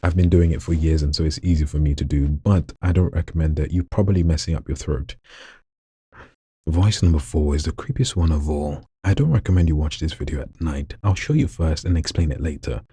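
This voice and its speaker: A man with a very deep, gravelly voice full of vocal fry, chatting casually and jokingly in a vlog while showing off voices at home late at night. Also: a little fast, no room sound, studio quality. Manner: relaxed, chatty, jokey asides. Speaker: hobby voice actor.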